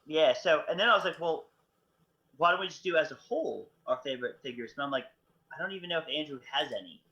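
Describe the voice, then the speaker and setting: A man's voice: a little high, animated, fast talker, pushed and bright. A man co-hosting a podcast, talking in a rambling, enthusiastic casual chat full of fillers. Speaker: podcast co-host. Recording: dull lo-fi stream audio.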